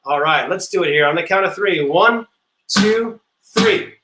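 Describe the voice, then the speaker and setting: A man teaching a music class, playful and encouraging, leading silly vocal warm-ups and singing notes to demonstrate. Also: sits high, normal speed, echoey room, noisy background. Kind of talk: online music class for kids.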